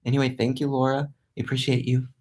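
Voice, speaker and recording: A man's voice: mid-range voice, level tone, fast, darkish tone. A young man chatting loosely through a live stream from a friend's house, filling his talk with "like" and stopping to restart his sentences. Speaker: livestreaming vlogger. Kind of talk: casual live-stream chat reading comments.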